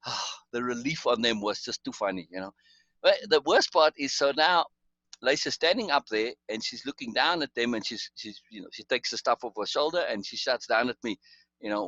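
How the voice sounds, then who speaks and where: Bright-voiced man rambling through stories. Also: mid-range voice, animated, fairly quick, dry recording, dull audio. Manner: rambling, lots of restarts and chuckles. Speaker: storyteller. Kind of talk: casual storytelling chat.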